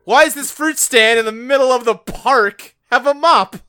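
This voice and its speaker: A podcast co-host chatting casually, dropping quick agreeable asides. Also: sits high, pushed and bright, clean tone. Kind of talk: casual chat.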